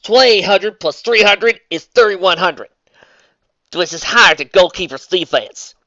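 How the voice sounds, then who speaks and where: A reader voicing a brash young Southern cowgirl card duelist in a put-on Southern drawl, loud and showy. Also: mid-range voice, a little slow, no room sound, dull audio, voice pushed up. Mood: mocking. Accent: put-on American Southern.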